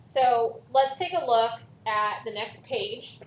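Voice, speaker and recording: Heard from a distance in a room with echo and light hiss, a woman chemistry teacher leads a recorded lesson from a worksheet. Her voice is a little high and her pace slow, and she emphasizes key words.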